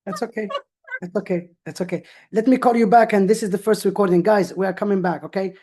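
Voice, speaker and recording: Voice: mid-range voice, fairly even intonation, quick pace, warm tone. A host on a video call, asking long questions hesitantly with many fillers. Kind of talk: casual video-call interview.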